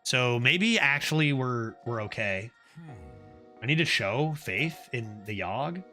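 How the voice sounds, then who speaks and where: A man's voice: medium pitch, slow pace, soft background music. A man streaming a card game, commenting casually, often mocking himself and pleading with the game. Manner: animated, self-mocking, exclaims and pleads at the game.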